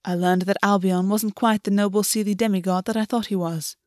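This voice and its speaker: A woman voicing a calm, teasing male fae lover who speaks in a low, soothing murmur, from a reader of fan fiction. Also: brisk, no room sound, studio quality, lightly acted.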